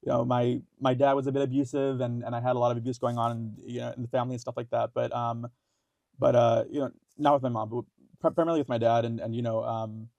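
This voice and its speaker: Halting, gravelly young man. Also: medium pitch, level tone, a little mellow, dry recording, lo-fi sound. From India. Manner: halting, many fillers and restarts, swears freely. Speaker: podcast guest. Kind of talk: casual interview talk.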